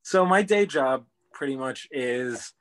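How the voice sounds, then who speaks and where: A man's voice: mid-range voice, lively intonation, slow pace. A man in his twenties, a guest on a chat show, talking eagerly about his work in a casual, rambling way. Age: 20s. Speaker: podcast guest.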